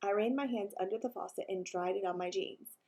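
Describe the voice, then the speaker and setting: A woman teacher reading a children's book aloud, expressive storytelling. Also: medium pitch, a little fast, gravelly.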